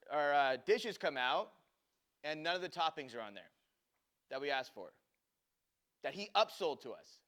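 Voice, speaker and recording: Animated man telling a story. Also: fairly high pitch. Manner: animated storyteller acting out dialogue. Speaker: speaker telling a customer service story. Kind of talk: storytelling talk to an audience.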